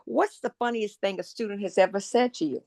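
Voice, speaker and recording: A woman hosting a podcast who asks quick questions in an upbeat, encouraging way. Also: mid-range voice, darkish tone, no room sound, clean studio sound. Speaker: podcast host. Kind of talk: casual podcast interview.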